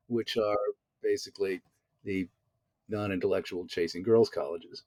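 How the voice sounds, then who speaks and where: A man's voice: sits low, fairly even intonation, normal speed, pauses often, a little mellow, no echo. A man guesting on a video-call interview from a room at home, telling stories in a wry, theatrical way with vivid wordplay. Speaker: actor guest. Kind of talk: casual interview chat. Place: home room with bookshelf backdrop.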